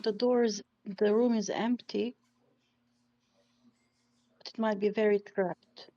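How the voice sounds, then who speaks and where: A woman's voice: mid-range voice, steady tone, takes it slowly, dark tone. A woman playing a tabletop game, talking casually and tentatively with "like" fillers. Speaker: player. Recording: dull lo-fi mic.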